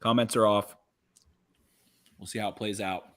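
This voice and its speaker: A man co-hosting a podcast, giving quick, profane football analysis in casual chat. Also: lowish voice, fairly even intonation, fairly bright tone. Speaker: podcast co-host. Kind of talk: casual draft-night chat.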